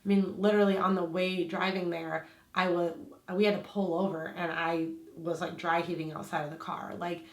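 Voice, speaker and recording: A woman's voice: lowish voice, little pitch movement, moderate pace, reverberant. Chatty woman with a slight lisp. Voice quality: slight lisp from aligner trays. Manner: chatty, lots of "like" fillers. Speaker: vlogger. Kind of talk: casual storytelling to camera.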